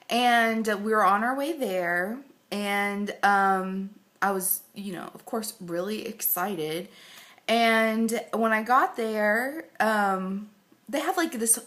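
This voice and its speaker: A woman's voice: medium pitch, a bit bright. A pregnant woman giving a rambling, casual update to camera, full of fillers and close to tears at times. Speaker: vlogger.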